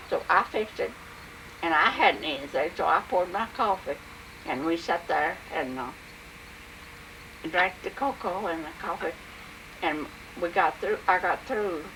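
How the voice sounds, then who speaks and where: A woman's voice: fairly low pitch, a bit bright, slight background noise, poor audio. Older woman telling family stories. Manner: plain, unhurried narration with frequent "and, uh". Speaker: interviewee recalling family history. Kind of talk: oral history storytelling.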